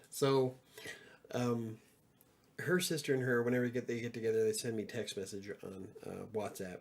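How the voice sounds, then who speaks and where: A man's voice: medium pitch, steady tone, normal speed, creaky, pauses often. A middle-aged man hosting a casual livestream, joking around and reading chat messages aloud. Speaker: livestream host.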